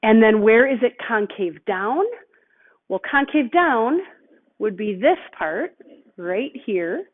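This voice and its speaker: A woman's voice: fairly high pitch, expressive, takes it slowly. A woman teacher walking through a math lesson step by step, patient and thinking aloud. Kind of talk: recorded lesson walkthrough. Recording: tinny phone-like audio.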